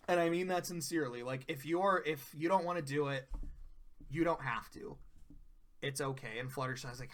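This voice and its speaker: A video reviewer with a high, bright voice recaps an episode casually. He's loose and animated, swears often, and acts out quotes with quick character impressions as he retells scenes.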